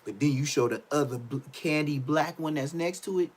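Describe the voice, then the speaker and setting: A young man ranting on a livestream, loud and mocking, repeating phrases and stammering. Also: on the high side, brisk. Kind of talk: trash-talking rant on a livestream.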